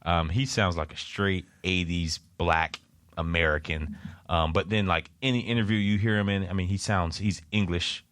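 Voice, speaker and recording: A man hosting a podcast in easy, casual chat, animated and quick to laugh. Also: sits low, dry recording. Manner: animated, laughs often, bright energetic delivery. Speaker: podcast host. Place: podcast studio.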